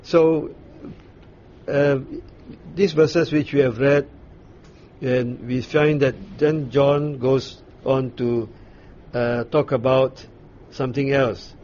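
A man leads a Bible study, walking his listeners through scripture at an unhurried, searching pace with frequent pauses. His voice sits in an ordinary middle register. The recording is dull and lo-fi, with a faint hiss beneath it. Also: medium pitch, fairly even intonation, a little mellow. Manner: unhurried explaining with frequent fillers and restarts. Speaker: Bible teacher.

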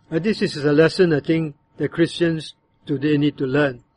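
A man preaching, his voice sitting a little higher than most men's. He explains scripture in a measured, teaching way, now and then acting out how a verse could sound. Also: darkish tone, slightly rough. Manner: measured, explanatory, acts out bitter and demanding tones when quoting. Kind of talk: sermon on a psalm.

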